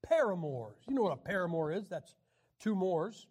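A man teaching a Bible class in a folksy, joking way, often clearing his throat and restarting his sentences. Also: sits high, very animated, moderate pace, darkish tone. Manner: frequent throat clearing and restarts, jokey asides. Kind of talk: folksy teaching talk with jokes.

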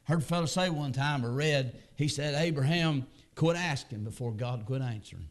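A man preaching a sermon, explaining scripture with plain asides and repeating phrases for emphasis, his voice climbing high and loud at the key points. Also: normal speed. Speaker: pastor. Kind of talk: sermon, scripture reading with commentary.

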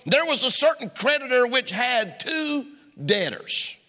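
A middle-aged preacher with a very high, piercing bright voice, preaching with fervor and throwing rhetorical questions at his church. His words ring out in the long reverb of a big sanctuary. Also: expressive, a little slow. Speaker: pastor. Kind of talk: sermon.

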